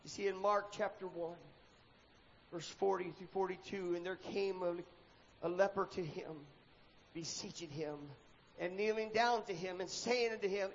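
Preaching in what sounds like a dull, echoey hall, this man tells a story with dramatic flair and voices the characters' shouts himself. His voice sits high, his intonation stays fairly even, and his pace is measured.

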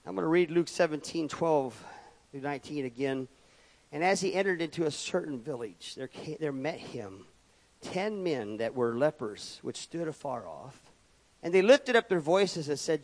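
A man preaching a sermon, reading scripture aloud and pressing his points with loud emphatic rises and sudden quiet drops. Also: a little high, lively intonation, normal speed.

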